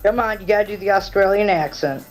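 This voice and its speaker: A woman's voice: mid-range voice, fast talker, soft background music. A woman co-hosting a casual group chat, teasing the others and laughing often.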